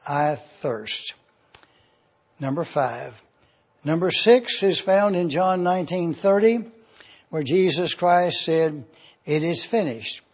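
A man teaching a Bible class, measured and repetitive, repeating verse references so listeners can write them down. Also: high-pitched. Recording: dull lo-fi classroom tape.

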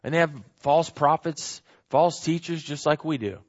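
A man's voice: on the high side, moderate pace, muffled recording. A man preaching a sermon, repeating words for emphasis and often asking "right?" as he teaches. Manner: repetitive emphatic preaching with frequent tag questions.

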